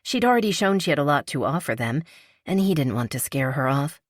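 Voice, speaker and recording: A woman narrating a romance audiobook in a calm, even storytelling manner. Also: low-pitched, brisk, no echo, studio quality. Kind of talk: scripted narration.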